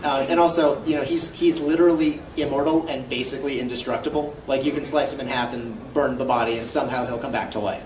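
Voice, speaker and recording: A man's voice: mid-range voice, steady tone, fast talker, few pauses. A man answering fan questions as a guest at a live convention panel, telling jokey stories. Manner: playful, joking storyteller. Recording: echoey hall, far from mic, noisy.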